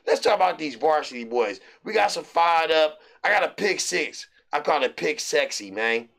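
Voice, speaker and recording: Gravelly, bright-voiced man hyping his picks. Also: a little high, animated, normal speed. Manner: loose, rambling, hype shout-outs. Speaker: sports betting show host. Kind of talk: casual sports picks monologue.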